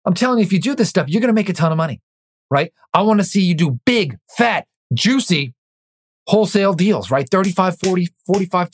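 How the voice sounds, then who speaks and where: A man hosting a real estate podcast, coaching listeners directly in an energetic, emphatic way, sometimes dropping to a near-whisper for emphasis. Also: medium pitch, creaky.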